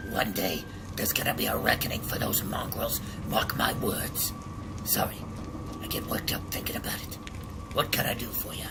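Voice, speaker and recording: A man performs a jittery old trader who lives down in the sewers of a game world. His voice is deeply gravelly, leaping between low mutters and high alarmed cries. Steady background noise sits under the lines. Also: moderate pace. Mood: agitated. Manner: excitable, repeats words with rising alarm. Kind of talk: game character dialogue.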